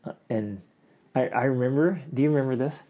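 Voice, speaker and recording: A middle-aged man co-hosting a podcast in casual chat, talking in an animated way and acting out the lines he quotes. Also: mid-range voice, fairly quick, lo-fi sound. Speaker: podcast co-host.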